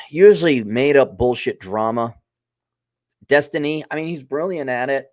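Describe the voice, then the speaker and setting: A man's voice: medium pitch, animated, measured pace, pauses often, a little mellow, dry recording, studio quality. A man hosting a casual opinion monologue, talking in a blunt, sardonic, profane way. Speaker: host.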